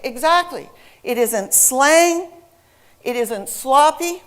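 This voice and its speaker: A middle-aged woman from North America giving a lively, emphatic talk on stage and speaking directly to her audience. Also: a little high, a little slow.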